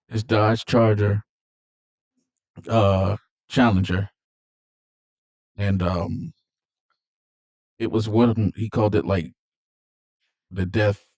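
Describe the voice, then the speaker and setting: A man's voice: on the low side, warm tone. A man casually recapping a movie plot, rambling with fillers and repeated words. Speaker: movie reviewer.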